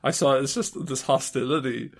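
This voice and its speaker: Gravelly guy on a podcast, jokey and laughing a lot, mid pitch. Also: normal speed. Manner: laughs often, jokey asides. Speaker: podcast co-host. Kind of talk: casual banter and storytelling.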